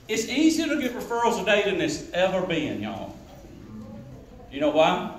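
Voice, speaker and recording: A man giving a sales training talk to a live audience, quizzing the crowd and acting out sales pitches. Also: wildly swooping pitch, normal speed, long pauses, distant mic. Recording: roomy hall echo with faint noise.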